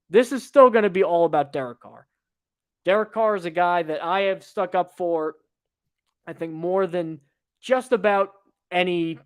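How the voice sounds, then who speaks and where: A man's voice: a little high, clear, resonant tone, no echo. A young man hosting a podcast, giving opinionated, emphatic sports analysis with frequent fillers, close to the mic. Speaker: podcast host.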